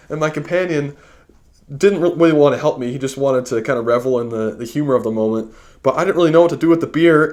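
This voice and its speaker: A young American man with an American accent, telling stories to camera in a chatty, self-amused way with frequent restarts. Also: mid-range voice. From United States. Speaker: vlogger. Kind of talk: casual storytelling to camera.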